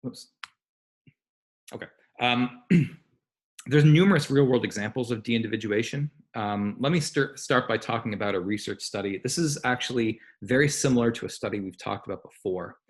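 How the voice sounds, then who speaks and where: A man lecturing on psychology online in a conversational way, explaining with examples and asides and often pausing on "um" or correcting himself. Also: medium pitch. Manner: frequent "um" fillers and self-corrections.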